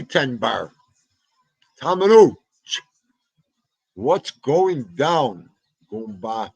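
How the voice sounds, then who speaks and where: A New York man talks slowly and loosely on his livestream, his husky voice rising and falling a lot as he jokes with viewers. The sound is dry and close, with no room echo. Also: mid-range voice, big pitch swings. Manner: chatty, shouts out viewers by name, jokey. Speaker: live podcast host reading chat. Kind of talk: casual livestream chat.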